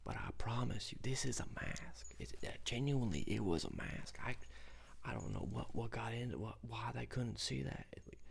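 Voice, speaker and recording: A man doing Cletus, gravelly whispering ex-cowboy. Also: mid-range voice, moderate pace. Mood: rambling. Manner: rambling, full of restarts and fillers. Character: rambling former cowboy, adult man, good-natured. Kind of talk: whispered role-play.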